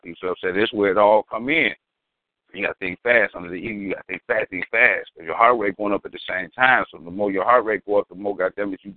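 A low-voiced man tells a rambling, profane anecdote thick with slang and mystical asides. The audio is narrow and phone-like, and it sounds completely dry, with no echo. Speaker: storyteller guest. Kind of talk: casual storytelling.

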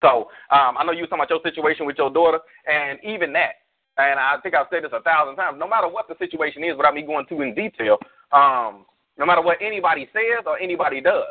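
A man serving as pastor preaches in a relaxed, slangy way, leaning on made-up scenarios to drive his point home. His voice sits a bit high. The audio comes through a thin, tinny phone-like line. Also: fast. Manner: preachy storyteller, spins hypotheticals, slangy. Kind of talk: casual church talk show on a call.

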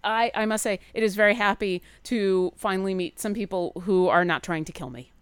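A woman voicing an eager, flustered female bird-folk bard who talks in rapid, excitable bursts. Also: clear, resonant tone, no room sound, lightly acted. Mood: earnest. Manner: rapid, excitable, high-pitched chatter.

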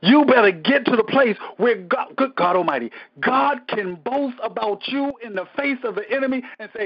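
A man's voice: very high-pitched, animated, normal speed, few pauses. A man, a pastor, teaching a Bible study in a conversational preaching style, emphatic and colloquial, often repeating phrases and breaking into praise. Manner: casual colloquial speech. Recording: dull lo-fi recording.

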